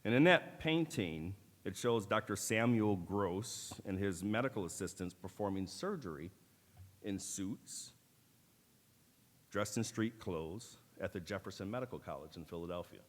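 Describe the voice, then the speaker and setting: A middle-aged man with a fairly low voice delivers a formal ceremonial keynote. He talks in a measured, deliberate way and drops in dry, wry asides. His voice rings out through the long reverb of a large auditorium. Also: lively intonation. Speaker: keynote speaker at a medical school ceremony.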